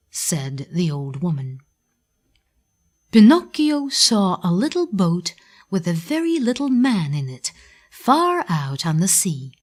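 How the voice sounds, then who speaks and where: Very slow Russian-accented woman reader. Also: fairly low pitch. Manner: clear, deliberate, expressive. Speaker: narrator. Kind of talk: slow storybook reading for English learners.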